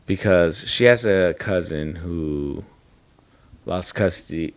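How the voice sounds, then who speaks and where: A man's voice: sits low, slow pace, dry recording. A man in his thirties co-hosting a podcast, talking candidly about family and swearing freely. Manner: candid, swearing, acts out quoted dialogue. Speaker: podcast co-host. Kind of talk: casual chat.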